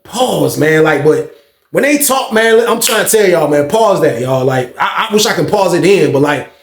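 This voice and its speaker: A man casually telling a story in a profane, animated way, laughing often. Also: on the high side, moderate pace, roomy sound.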